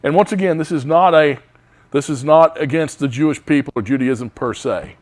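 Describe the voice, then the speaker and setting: A man's voice: fairly high pitch, normal speed. A man teaching a Bible study, reading scripture aloud with emphasis.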